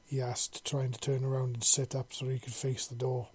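A man reading a science-fiction fan story aloud, in steady descriptive narration. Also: medium pitch, normal speed, breathy edge, dry recording.

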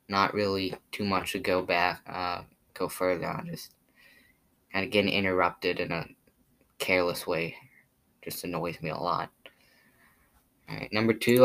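A man's voice: low voice, a bit bright. A teenage boy with a Boston accent, rambling through his pet peeves in a casual, filler-heavy monologue, mildly exasperated. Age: teens. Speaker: vlogger.

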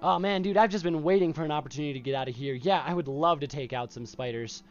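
A man's voice: on the high side, fast, muffled recording, faint music behind, lightly acted. A man voicing a cocky, boastful teenage boy who is a wizard student, in a tabletop game. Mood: eager. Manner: boastful, casual slangy.

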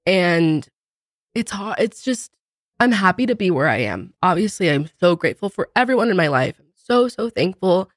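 A woman's voice: lowish voice, sing-song, brisk, no room sound, studio quality. A woman in her twenties on a podcast, talking candidly and rambling with lots of "like"s while tearful. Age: 20s. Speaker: podcast co-host. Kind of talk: casual chat.

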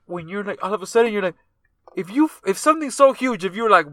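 A man's voice: high voice, animated, fast talker, sharp tone, no echo. A man co-hosting a casual sports podcast, rambling and profane, often calling his friends fool. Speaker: podcast co-host.

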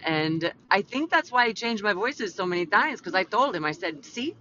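A woman's voice: mid-range voice, expressive, moderate pace, few pauses, bright, forceful tone, a little hiss or hum. A woman hosting a faith podcast, chatting casually, playfully talking to herself and breaking into exclamatory preaching. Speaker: podcast host. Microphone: podcast mic. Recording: dull lo-fi audio with faint music.

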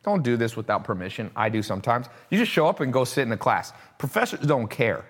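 A man guesting on a podcast, chatting in a loose, animated way. He slips into the voices of people he describes, at a middle pitch. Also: fast, slightly rough. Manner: animated storyteller, mimics voices. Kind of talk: casual podcast conversation.

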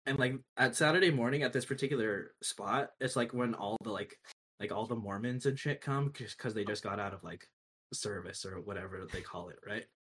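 A young man in casual chat, telling animated, profane workplace stories and laughing often. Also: on the low side, a little fast, a little hiss or hum. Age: young adult.

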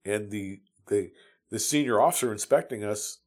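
A man's voice: on the low side, normal speed, darkish tone. A man in his fifties from the United States, telling his Navy stories in a casual, rambling way with many restarts and fillers. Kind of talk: casual storytelling.

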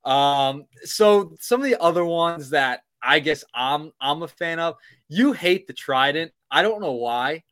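A young man co-hosting a sports podcast, talking playfully with lots of halting restarts. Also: on the high side, expressive, a bit bright. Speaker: podcast co-host. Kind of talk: casual sports podcast chat.

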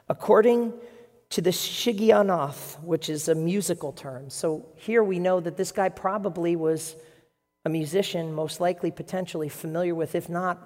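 A man's voice: fairly high pitch, darkish tone, in a large hall. A man preaching a sermon as pastor, telling stories in an earnest, emotional way.

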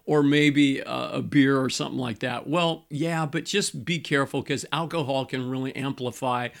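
A middle-aged male pastor giving a conversational teaching on marriage, repeating key phrases and slowing down to stress a point. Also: medium pitch, fairly even intonation, vocal fry.

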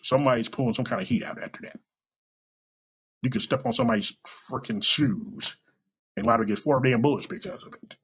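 A man hosting a podcast, talking in a blunt, profane, self-deprecating casual monologue with a gravelly, husky voice. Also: medium pitch, brisk, a bit bright, dull audio. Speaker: podcast host.

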